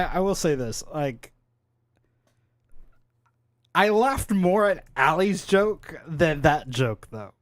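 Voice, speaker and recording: A man's voice: fairly high pitch, dry recording, studio quality. A man co-hosting a live podcast, playful and rambling, riffing on wordplay. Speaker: podcast co-host. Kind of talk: casual chat.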